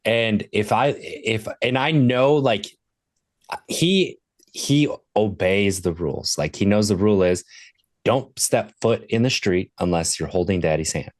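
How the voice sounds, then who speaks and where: A man's voice: lowish voice, unhurried, no room sound. A man in his thirties, a sobriety coach appearing as a podcast guest, earnestly telling stories from his own life in a casual conversation. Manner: earnest storyteller, retelling moments from his life.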